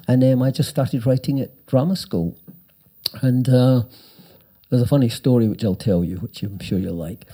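An older man, a writer and former actor, telling animated anecdotes in an interview and acting out the quotes. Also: mid-range voice, husky. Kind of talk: storytelling interview.

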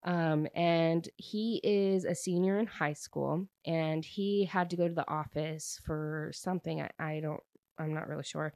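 A young woman talks through a novel's plot for her audience, rambling and full of fillers as she goes. Her voice sits low, and the recording is close and dry with no room sound. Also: fairly even intonation, unhurried, a little mellow, dry recording. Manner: chatty, rambling, many fillers and restarts. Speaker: book reviewer. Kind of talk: casual plot recap.

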